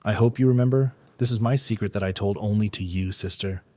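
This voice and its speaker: A man's voice: on the low side, fairly quick, dark tone, no echo, lightly acted. A man voicing an earnest teenage boy in a storybook recap, pleading and eager to convince. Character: earnest anxious teenage boy, younger brother.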